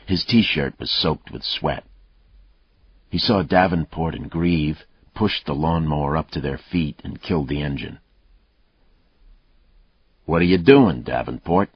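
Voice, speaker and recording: A man narrating an audiobook in a steady, even reading voice. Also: rumbling low, measured pace, husky, dry recording. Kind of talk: scripted narration. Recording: dull, muffled dry audio.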